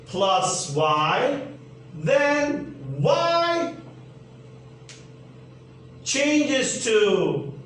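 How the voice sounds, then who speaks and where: A man's voice: sits high, fairly bright tone. A man with a Turkish accent teaching an English grammar lesson, spelling out letters and asking and answering his own questions. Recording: echoey room, mic at a distance, faint hum.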